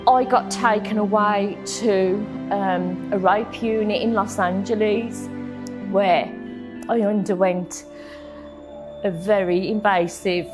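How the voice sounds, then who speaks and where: A woman speaking slowly and unhurriedly, recounting a painful personal story. Her voice sits at an ordinary mid pitch, and she stumbles, repeats herself and fills pauses with ums. Faint music plays behind her. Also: steady tone. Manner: emotional, halting storytelling with frequent ums and repeats. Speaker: interviewee telling her own story. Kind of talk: personal testimony in an interview.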